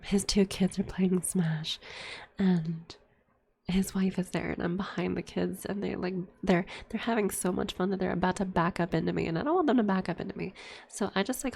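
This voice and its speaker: A woman's voice: mid-range voice, gravelly, darkish tone, slightly rough. A young adult woman telling a candid, profane personal story in whispered ASMR chat, full of fillers. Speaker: streamer.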